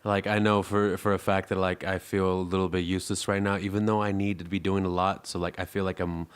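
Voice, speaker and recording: Young male podcast co-host, lowish voice, rambling and self-mocking. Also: little pitch movement, a little fast, clean tone. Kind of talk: casual chat.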